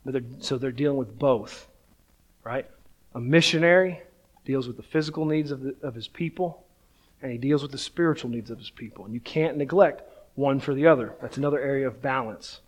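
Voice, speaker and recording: A man's voice: mid-range voice, brisk. A man in his thirties, a pastor, preaching a sermon in a casual, self-deprecating storytelling way, often checking in with "right?".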